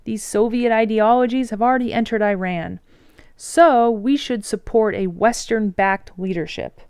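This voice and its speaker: A woman's voice: on the high side, normal speed, darkish tone, smooth, no room sound, studio quality, close to an everyday voice. A woman voicing jumpy male officials who exclaim in eager alarm.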